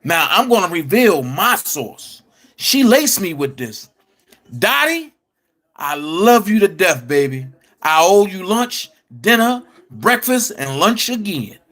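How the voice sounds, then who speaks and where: A man hosting an online commentary show, speaking in a casual, emphatic way with drawn-out phrases. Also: sits high, sing-song, a bit bright. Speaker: commentary channel host.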